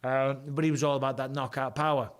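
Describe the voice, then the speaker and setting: A man's voice: medium pitch, level tone, fast. A man with an English accent in his forties, hosting a live reaction stream, talking bluntly and joking with plenty of swearing. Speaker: host.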